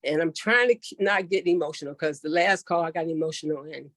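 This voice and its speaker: A woman's voice: deep voice, a little fast, a bit bright, no echo, studio quality. A middle-aged woman giving an earnest, heartfelt testimonial on a call, with many fillers and restarts. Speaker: network marketing member sharing her story.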